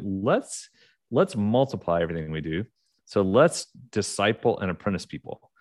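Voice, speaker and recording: A man's voice: fairly low pitch, dry recording, clean studio sound. A middle-aged man with an Oklahoma accent, telling stories as a podcast guest in a casual, rambling way with many fillers and restarts. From United States. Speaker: podcast guest, leadership author. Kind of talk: casual interview storytelling.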